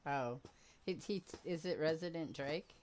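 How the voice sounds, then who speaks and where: A woman's voice: sits low, a little slow, a little mellow, slight background noise. An older woman casually chatting and laughing while streaming a game with her daughter. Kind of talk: casual gameplay chat.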